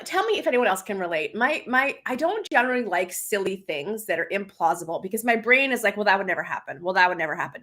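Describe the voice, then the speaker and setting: A woman's voice: medium pitch, pushed and bright. A woman hosts a casual live stream as a business coach, chatting with lots of laughter and fillers and reading comments aloud.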